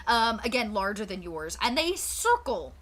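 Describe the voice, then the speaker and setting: A woman's voice: mid-range voice, big pitch swings, moderate pace, a bit bright. A woman narrating as game master of a tabletop pirate game, chatty, with many fillers. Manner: chatty, lots of fillers and restarts.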